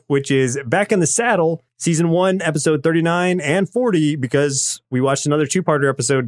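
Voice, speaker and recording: Man calmly recapping episodes on a podcast. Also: medium pitch. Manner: relaxed recapping, explanatory. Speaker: podcast co-host. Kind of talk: casual chat.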